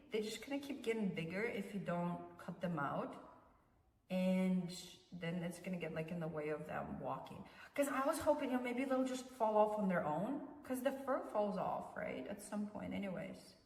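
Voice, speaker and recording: A woman's voice: mid-range voice, far from the mic. A young woman vlogging in casual chat as she grooms her cat, mixing English and Russian, fussing over the animal. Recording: echoey room, voice from off-mic.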